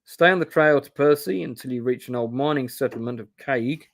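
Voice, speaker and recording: A man's voice: medium pitch, a little fast, creaky, lightly acted. A man voicing a hearty, jovial male woodsman who offers food to a traveller in a gamebook read-aloud. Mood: friendly. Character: rugged friendly male woodsman, jovial host.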